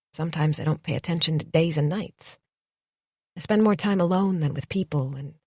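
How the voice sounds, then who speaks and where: A guarded young woman painter speaks earnestly and a little anxiously in a husky, low voice, as voiced by an audiobook narrator. She sounds defensive about herself. The recording is close and dry. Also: a little mellow, dry recording, exaggerated voice. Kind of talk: audiobook dialogue.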